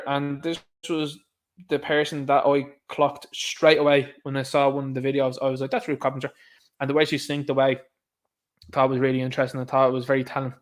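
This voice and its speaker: Sarcastic Dublin man ranting on stream. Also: a little high. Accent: Irish, Dublin. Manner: sarcastic, mocking, laughs often. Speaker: streamer, host. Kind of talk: casual livestream rant commentary.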